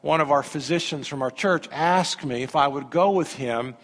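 A male pastor preaching a sermon, animated, swinging from hushed lines to loud ones. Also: fairly high pitch, moderate pace. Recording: long hall reverb.

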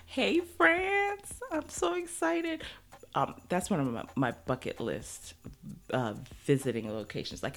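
A woman in her thirties hosting a podcast, chatting casually and excitedly, laughing often as she gives listener shout-outs. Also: very deep voice. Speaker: podcast host. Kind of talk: casual solo podcast chat.

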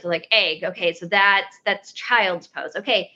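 A woman's voice: fairly low pitch, fairly even intonation, measured pace, hardly any pauses, pushed and bright, muffled recording. A woman in her thirties, a yoga teacher guest on a podcast, explaining things in a rambling way with many restarts. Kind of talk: casual interview talk.

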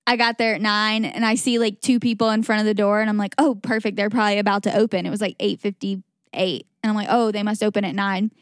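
A woman's voice: mid-range voice, flat delivery, fast, clean tone, dry recording, clean studio sound. A woman co-hosting a podcast, chatting casually and telling stories, acting out her own thoughts as she goes. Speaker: podcast co-host. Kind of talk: casual chat, storytelling.

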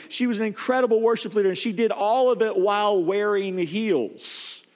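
A pastor delivers a sermon in a high, lifted voice, driving the story forward with animation and restarting often. A long reverb from a large hall carries his words.

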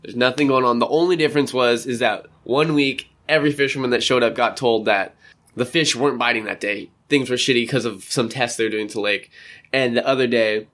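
A young man talking casually to his viewers from an indoor room, rambling from one thought to the next. His voice sits at a middling pitch, and he jumps into playful voices for the people he quotes. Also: fairly quick, a bit bright. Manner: rambling, chatty, acts out quotes. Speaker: vlogger. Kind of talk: casual chat.

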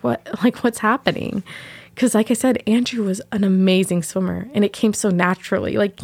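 A young woman speaks as the host of her own podcast, telling a personal story in a reflective, candid way. Her voice sits at a medium pitch, and soft laughs come between her thoughts. The recording is dry and close, with no room sound. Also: vocal fry, no room sound.

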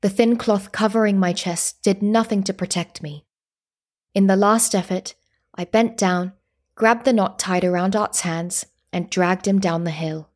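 A woman reading a story in the first person, with a calm, steady reading manner. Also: medium pitch, unhurried. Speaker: narrator.

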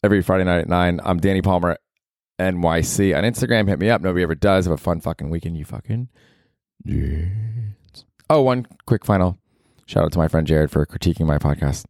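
A man with a low voice hosts a comedy podcast, rambling sarcastically and swearing freely. He sounds close to the mic in a dry room with no echo. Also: fairly quick. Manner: sarcastic, swears a lot, animated asides. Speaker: podcast host. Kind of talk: casual comedic monologue.

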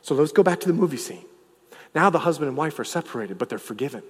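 A male pastor preaching a sermon, swinging from loud, emphatic lines to hushed, low ones. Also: lively intonation, fast, husky, in a large hall.

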